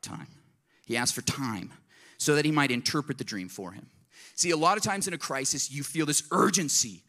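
A man preaching a sermon as pastor, in a lively, conversational way, acting out little scenes and dropping to soft asides. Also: a little high, a little fast.

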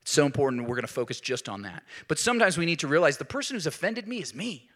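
A man preaching a sermon in an animated way, rising to emphatic peaks. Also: on the high side, quick pace. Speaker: pastor.

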